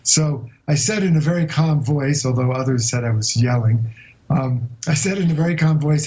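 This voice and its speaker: A man being interviewed as a guest explorer, telling a long story in a vivid but halting way with many hesitations. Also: medium pitch, darkish tone, low-quality recording. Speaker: guest explorer recounting an expedition.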